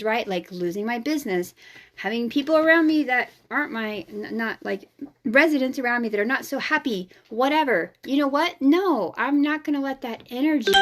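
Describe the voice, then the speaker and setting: A woman energy healer hosting her own vlog, talking casually, frankly and emphatically, sometimes swearing. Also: on the high side. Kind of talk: casual spiritual vlog talk.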